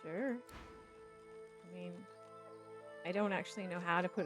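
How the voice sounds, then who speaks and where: A middle-aged woman streaming a video game, chatting excitably and swearing freely as she plays. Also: fairly low pitch, a little slow, faint music behind. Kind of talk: casual game-streaming commentary.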